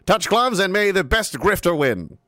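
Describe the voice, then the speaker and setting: A stern, old-fashioned boxing referee, put on by a man. He lays down the rules with mock gravity in a loud, high 1950s radio voice. The sound is dry and close. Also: big pitch swings, normal speed, no room sound, full character voice. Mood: officious.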